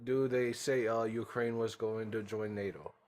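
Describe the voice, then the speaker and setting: A man calling into an online debate, asking questions in halting, broken phrasing. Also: lowish voice, fairly even intonation, crowd noise. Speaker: caller.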